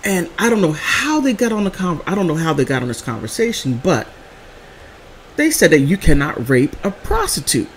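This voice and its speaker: A woman vlogger telling funny stories in a casual, animated way, laughing often between phrases. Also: lowish voice, moderate pace, slight background noise. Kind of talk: casual storytelling vlog.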